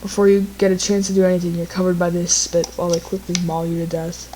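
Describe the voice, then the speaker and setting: A woman's voice: fairly low pitch, monotone, fast talker, few pauses, noisy background. A woman reading a text adventure aloud in a casual, playful, joking way. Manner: playful, joking narration with restarts.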